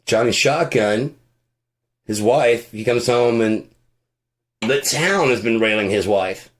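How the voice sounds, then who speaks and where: A man's voice: medium pitch, slow pace. A man giving a casual, profane, rambling rant with a sarcastic edge, as host of his own show. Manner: swears constantly, rambling, sarcastic. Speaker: podcast host.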